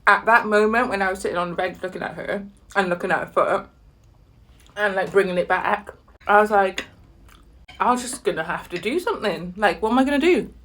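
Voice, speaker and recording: A woman telling an animated, exasperated story while eating, with sudden high-pitched outbursts and soft murmurs over her food. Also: fairly quick, pauses often. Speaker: vlogger.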